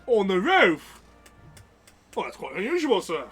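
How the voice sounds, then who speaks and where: A chirpy, fussy robot barkeep with a put-on British accent, as a game master puts him on. The voice sits high and bright and swings widely in pitch. It sounds like a tabletop role-play character played for laughs. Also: male voice, wildly swooping pitch, measured pace, husky, faint music behind, heavily acted. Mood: indignant. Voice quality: chirpy, theatrical, indignant. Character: posh British male robot butler barkeep.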